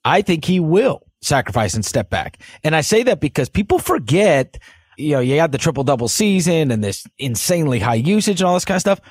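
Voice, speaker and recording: A man co-hosting a casual sports podcast, with a somewhat high, husky voice. He talks with lively, animated swings in pitch. The sound is dry and close to the mic. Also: brisk, dry recording. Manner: animated, with loud put-on voices and laughter. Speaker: podcast co-host.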